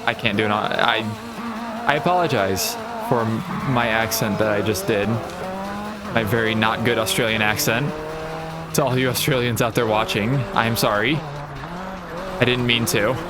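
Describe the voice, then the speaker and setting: A man's voice: fairly low pitch, moderate pace. Man rambling over racing game music. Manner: rambling, thinking aloud, wry asides. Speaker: gaming channel host. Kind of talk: casual game playthrough commentary. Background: racing game sounds and music.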